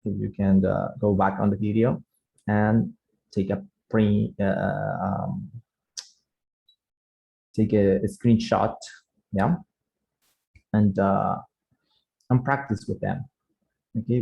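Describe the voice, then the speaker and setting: Male English teacher, slow-paced, somewhat low voice, patient explainer with second-language English. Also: level tone, gravelly, muffled recording. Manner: unhurried, frequent "yeah?" checks, second-language English. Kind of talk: slow online grammar lesson.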